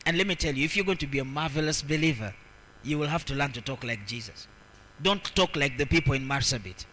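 A man preaching a sermon as pastor, reading scripture aloud and swinging between loud, emphatic declarations and soft asides. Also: medium pitch, fast talker, a little hiss or hum, low-quality recording. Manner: reads scripture aloud and repeats verses for emphasis.

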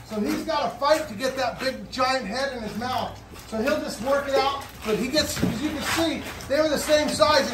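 Guy at a reptile zoo hyped up feeding gators, high voice, faint hum behind. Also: recorded from a distance. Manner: excitable, lots of whoas, coaxing animals. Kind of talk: casual vlog narration while feeding animals. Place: reptile zoo after hours.

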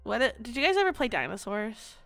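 A woman streaming a game, chatting casually with viewers, giggling often and breaking into loud, excited outbursts. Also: a little high, brisk, vocal fry, no room sound, soft background music. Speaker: VTuber streamer. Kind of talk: casual chat while gaming.

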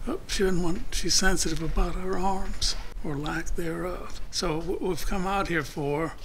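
A man hosting a casual how-to video, talking in a jokey, deliberate way. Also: high-pitched, fairly even intonation, a bit bright, slight background noise. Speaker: opal cutter and channel host. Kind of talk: casual instructional vlog.

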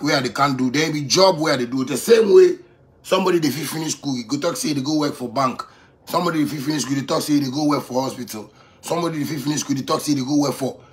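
A musician in his thirties rants off the cuff at his critics in Ghanaian Pidgin English, boasting with swagger in a fairly high voice. He repeats phrases to hammer his points home. His volume drops to near-mutters and then climbs back up to loud boasts.

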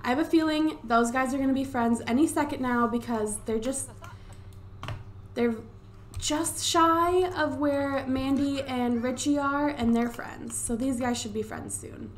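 A young woman who does let's plays chats through a life-sim game in a slightly high voice, excitable and casually swearing. She's at home speaking into a desktop USB microphone, with faint keyboard tapping and a bit of hiss or hum in the background.

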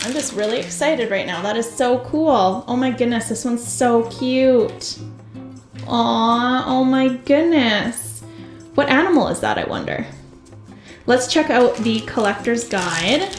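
A woman hosting a toy unboxing video, gushing with excitement and talking straight to her viewers. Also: on the high side, takes it slowly. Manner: gushing, excitable, talks to viewers as "you guys". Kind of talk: casual unboxing commentary. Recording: echoey room with faint music.

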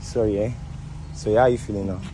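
Talking fast in a fairly low voice with fairly even intonation, this man with a Nigerian accent hosts a prank video outside. He laughs a lot and repeats himself apologetically and soothingly in casual banter, over background noise.

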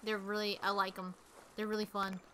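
Chatty bright-voiced woman streamer. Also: mid-range voice, fairly quick, a little hiss or hum. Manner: chatty, excitable, talks to viewers. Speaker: game streamer. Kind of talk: casual gameplay commentary.

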